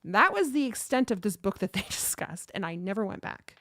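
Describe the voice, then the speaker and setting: A woman's voice: mid-range voice, a little fast, no room sound, studio quality. A woman in her thirties hosting a livestream, chatting and telling a story casually. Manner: chatty, animated, reads chat aloud. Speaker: livestream host.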